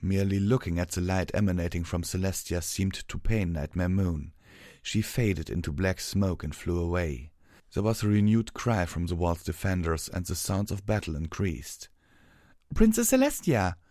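Deep-voiced guy reading a story out, dry close sound, steady. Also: normal speed, no room sound. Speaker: narrator. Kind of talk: scripted story narration.

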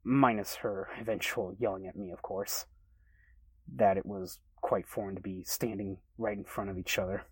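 A man reading a first-person story aloud in a relaxed, conversational way. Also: lowish voice, normal speed, slightly rough, no echo, poor audio. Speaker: story reader.

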